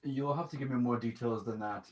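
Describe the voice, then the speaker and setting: A haughty fae noble who talks down to everyone, as a man puts him on in a tabletop game. The voice sits at an ordinary middle pitch and the delivery stays cold and condescending. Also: fairly quick, dull audio, natural voice.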